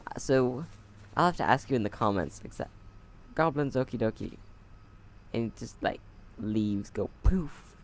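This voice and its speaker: A man's voice: on the low side, creaky, slight background noise. A man playing a video game at home and talking through it on a close mic, chatty and sarcastic with wry asides. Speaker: game player. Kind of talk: let's play commentary. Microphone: close desk mic.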